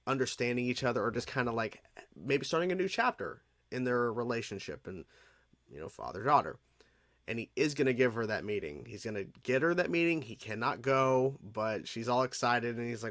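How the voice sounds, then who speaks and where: A man's voice: mid-range voice, lively intonation, fairly quick, a bit bright, dry recording, studio quality. A man hosting a reaction video, commenting casually in a rambling way. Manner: rambling, many fillers and restarts.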